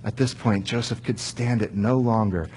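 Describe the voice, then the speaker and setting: A man's voice: on the low side, normal speed, a little mellow, husky. A man preaching, retelling a Bible story conversationally and asking the listeners questions. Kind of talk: storytelling sermon.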